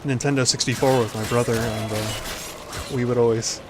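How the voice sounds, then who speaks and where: A man's voice: mid-range voice, fairly even intonation, normal speed, background noise. A man hosting a casual gameplay commentary, rambling with lots of fillers. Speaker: gaming video host.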